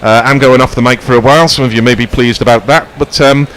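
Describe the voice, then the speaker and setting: A man's voice: mid-range voice, steady tone, fast talker, fairly bright tone, a little hiss or hum. Rambling male cricket commentator. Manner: rambling, whimsical asides. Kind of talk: ball-by-ball radio commentary.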